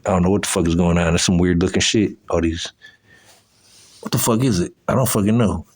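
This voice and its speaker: A man's voice: low voice, a little fast. A man giving profane, agitated commentary on old photos, exclaiming as he goes. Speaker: video host.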